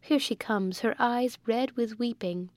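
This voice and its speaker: A woman voicing an eager, good-natured young girl who pleads warmly in a storybook reading. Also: a little high, a little slow, dry recording, close to an everyday voice.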